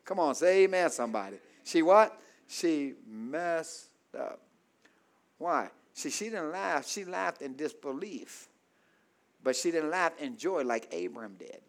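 A man a sermon, calling for amens and swinging between shouted peaks and soft low asides. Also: animated, measured pace. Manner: call-and-response preaching, asks congregation for amens. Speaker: preacher.

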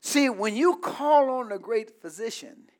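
High-voiced man preaching a sermon. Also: expressive, unhurried. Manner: call-and-response preaching, rising to shouts. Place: church.

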